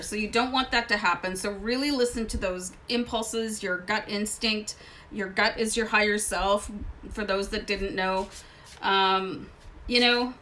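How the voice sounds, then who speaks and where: A woman living in Canada hosts a casual tarot card reading, chatting in a rambling way full of asides. Her mid-range voice is pushed and bright, with slight background noise.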